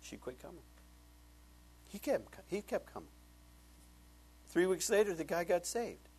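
A middle-aged male pastor giving a conversational sermon, telling stories and swinging from hushed asides to loud emphatic points. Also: sits high, very animated, a little slow, husky.

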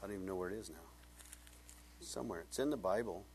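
A man preaching as a pastor, telling a personal story with lively acted-out dialogue that swings up high when he gets excited. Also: fast, background noise. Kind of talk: sermon with storytelling.

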